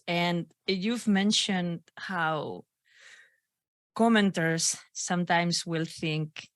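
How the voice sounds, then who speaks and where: A woman hosting a casual podcast interview, affirming her guest and speaking in a measured way with some hesitant fillers. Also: lowish voice, no echo. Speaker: podcast host.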